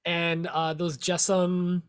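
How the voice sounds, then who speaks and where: A male co-host on a casual podcast whose voice sits high. He banters quickly and likes to tease the others. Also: flat delivery, clear, resonant tone. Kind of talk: casual chat.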